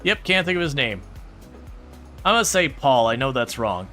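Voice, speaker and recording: Casual male streamer, bright tone, easygoing rambling chat, faint music bed. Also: medium pitch, very animated, moderate pace. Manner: rambling, chatty, answers viewer questions. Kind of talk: casual livestream chat while playing a farming game.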